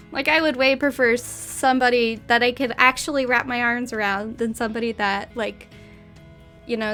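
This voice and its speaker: A young woman with a high voice reads a story aloud, then drifts into giggly, chatty asides. She says "like" often, and faint music plays behind her. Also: a bit bright. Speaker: streamer reading a story.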